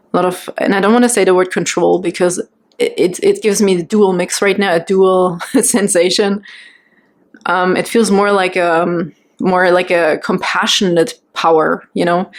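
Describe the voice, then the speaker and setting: A woman giving a pick-a-card tarot reading, talking gently and reassuringly as she muses on each card and keeps checking in with "okay?" and "right?". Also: lowish voice. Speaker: tarot reader.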